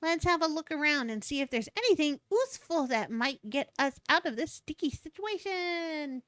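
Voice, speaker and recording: Lady playing a bubbly word-mangling little monster, squeaky high, dry mic. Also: very animated, moderate pace, a bit bright, dry recording. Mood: curious. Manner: bubbly, mangles words playfully. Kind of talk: reading game dialogue aloud on stream.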